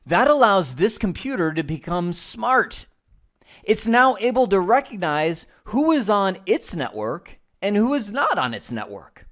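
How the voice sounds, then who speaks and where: A man teaching an online networking lesson, animated and playful, who acts out examples as he explains. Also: sits high, measured pace. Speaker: IT instructor.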